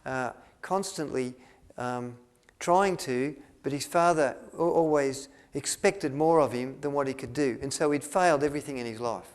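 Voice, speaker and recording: A man's voice: medium pitch, moderate pace. Aussie guy telling a long story to a crowd, lots of ums and restarts, acts out the lines. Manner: rambling, with many restarts and fillers, acting out quotes. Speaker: speaker at a health retreat. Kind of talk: storytelling talk to an audience.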